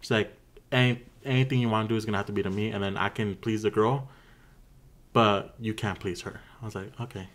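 Hesitant young man, lowish voice. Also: steady tone, brisk. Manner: hesitant, filler-heavy. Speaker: podcast guest. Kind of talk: casual chat.

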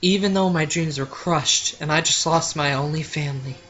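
A man voicing an anxious, apologetic young woman in a video game, reading haltingly. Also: fairly high pitch, a bit bright, close to an everyday voice. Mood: remorseful.

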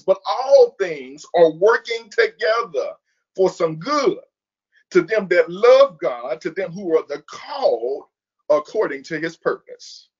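A man preaching a sermon as pastor, repeating key phrases for emphasis and stretching out words in a slow preaching cadence. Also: fairly high pitch, lo-fi sound.

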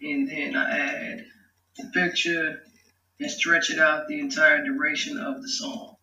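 A man's voice: on the high side, flat delivery, measured pace, pushed and bright, far from the mic. A man casually talking through how he makes his own rap song, loose, slangy and profane. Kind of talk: casual vlog talk-through. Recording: echoey room, off mic, music behind. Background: his beat playing.

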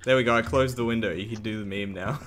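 A man streaming a multiplayer game, laughing often and swearing loudly as the action swings. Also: fairly low pitch, fast talker, background noise. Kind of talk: casual gaming stream chat.

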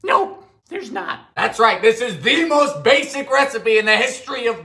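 A young man hosting a comedic baking video, wisecracking with theatrical shouts and squeals. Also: extremely high pitch, expressive, normal speed. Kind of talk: comedic recipe vlog.

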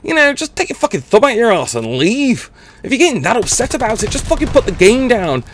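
A man's voice: extremely high pitch, big pitch swings, a little fast, slight background noise. A middle-aged man gives a blunt, sweary rant as gameplay commentary. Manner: sweary, blunt, exasperated ranting. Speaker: gaming channel host.

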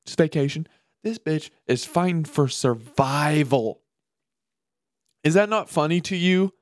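A man's voice: on the high side, unhurried. A man hosting his own podcast, ranting casually and crudely, mocking things and putting on silly voices. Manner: profane, animated, mocking, puts on silly voices. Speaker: podcast host. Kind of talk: casual solo comedic rant.

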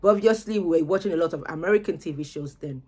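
Young woman, casual vlogger, chatty, slightly low voice. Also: quick pace, darkish tone, husky. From Nigeria. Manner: chatty, repeats words as she goes. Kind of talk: casual talk to camera.

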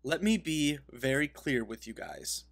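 A game video creator speaks a little slowly in a slightly high, bright, animated male voice. His casual commentary rambles through a story as he interrupts himself and laughs at the way he tells it.

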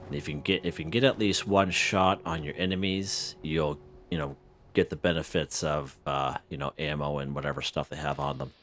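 A man with an extremely deep, low voice talks through his gameplay in a loose, rambling way, chuckling between thoughts. Faint music plays underneath him. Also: a little fast. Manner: relaxed, chuckling, lots of fillers and restarts. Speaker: gaming channel host. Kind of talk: casual gameplay commentary.

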